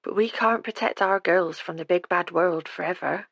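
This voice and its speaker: A woman voicing a flirtatious single mother with a breathy, coaxing manner, as a storybook character. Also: on the low side, moderate pace, fairly bright tone, no room sound. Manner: coaxing, playful.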